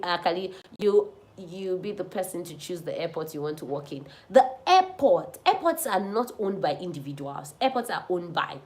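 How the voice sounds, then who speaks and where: A young woman pilot with a Nigerian accent, answering viewers' questions in a chatty, advising live stream. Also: lowish voice. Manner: chatty, advising, laughs often. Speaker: pilot and channel host.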